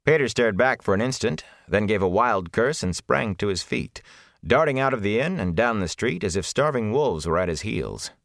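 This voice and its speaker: A man narrating a fantasy novel as an audiobook, measured and expressive. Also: on the low side, vocal fry, dry recording, clean studio sound.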